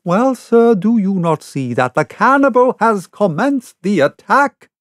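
A man's voice: high-pitched, big pitch swings, measured pace, no room sound, studio quality, pitched above the performer's own voice. A man voicing a devoted young male servant who speaks in a raised, eager and polite voice in an audiobook reading. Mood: indignant.

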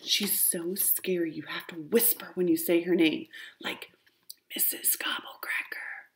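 A scheming big brother, as a woman reading a storybook puts him on, hushing his voice down to a breathy, spooky whisper. Quiet and secretive. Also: lowish voice, steady tone, slow pace, full character voice. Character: scheming older brother, spooky and then exasperated.

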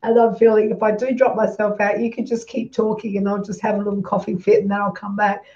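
A woman hosting a casual live-stream interview, chatty and croaky, trying not to cough, greeting viewers as she goes. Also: mid-range voice, level tone, fast talker, darkish tone. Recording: muffled, distant live-stream audio.

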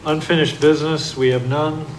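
A man acting as mayor and chairing a city finance committee meeting. He runs through the agenda items briskly and by procedure, in a city council meeting room. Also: fairly high pitch, little pitch movement, slight background noise, rough recording.

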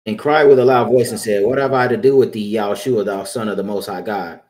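A man reading scripture aloud in a steady, measured way. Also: lowish voice. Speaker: scripture reader.

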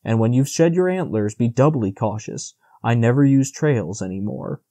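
A man voicing a wise old male stag in an audiobook, grave and gently commanding. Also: medium pitch, animated, moderate pace, no room sound.

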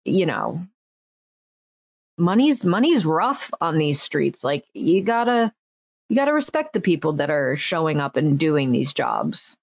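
A woman, telling a story on a podcast with lively acted-out quotes and lots of "like". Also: sits low, measured pace, gravelly, no echo. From United States. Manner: animated, acts out quotes, frequent "like" fillers. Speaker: podcast host. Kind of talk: casual storytelling chat.

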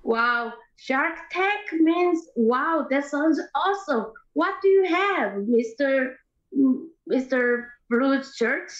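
A woman voices an eager little girl peddling cookies in broken, childlike English. Her voice sits very high and the pace crawls. The video-call audio echoes and sounds muffled. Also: expressive, slow pace. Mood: pleading. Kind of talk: online improv comedy. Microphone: computer mic on a video call.

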